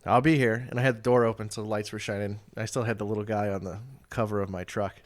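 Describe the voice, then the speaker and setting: A man co-hosting a podcast in a casual chat, an animated storyteller who acts out quotes and laughs often. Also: lowish voice, fast talker. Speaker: podcast co-host.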